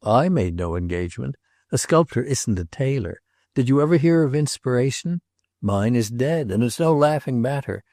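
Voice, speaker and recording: In a read novel, a man voices an impulsive, bitter young male sculptor who speaks curtly and defiantly, sharp in manner. The performance is expressive and lightly acted at a moderate pace, pitched above the performer's own medium-pitched voice. The recording is dry and studio quality.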